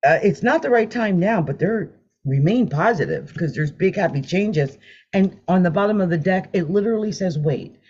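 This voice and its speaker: A tarot card reader chats animatedly on a live stream, laughing often and humming while she draws cards. Her voice is husky and fairly low, at a normal speed, and the recording has a dull lo-fi sound.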